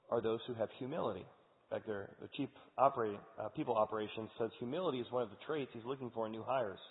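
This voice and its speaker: A male pastor preaching a sermon in an earnest, conversational way. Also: mid-range voice. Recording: echoey hall over tinny sound.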